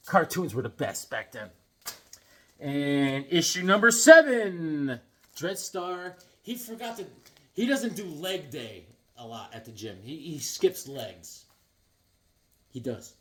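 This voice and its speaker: A man's voice: on the high side, very animated, takes it slowly, a bit bright. A man casually showing his comic books, rambling and joking with many restarts and silly asides. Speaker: comic book vlogger. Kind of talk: casual show-and-tell chat.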